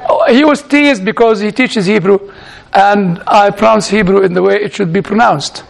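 With a high-pitched, creaky voice at normal speed, a man addresses an audience in a humorous storytelling talk. He has a non-native English accent, chuckles frequently, and repeats words as the crowd laughs.

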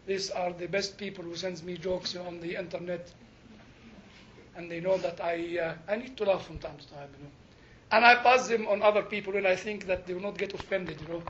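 An older man preaching a sermon, telling stories and jokes with animated emphasis and frequent laughter. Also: high-pitched, lo-fi sound, slight background noise.

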